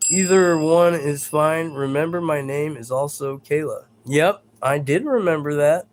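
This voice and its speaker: A man's voice: on the high side, measured pace, slight background noise. A man hosting a live stream in a casual, rambling chat, reading out viewer comments and stumbling over his words in a self-deprecating way.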